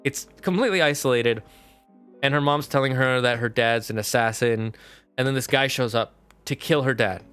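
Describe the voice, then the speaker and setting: A man streaming live, chatting casually as he recaps a film in a rambling, animated way with lots of fillers. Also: medium pitch, moderate pace, clear, resonant tone, faint music behind.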